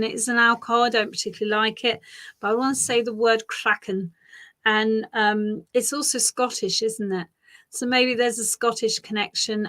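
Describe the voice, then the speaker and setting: A woman giving a live psychic reading, speaking in a gentle, reassuring way and often repeating phrases softly. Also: on the high side. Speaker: psychic reader.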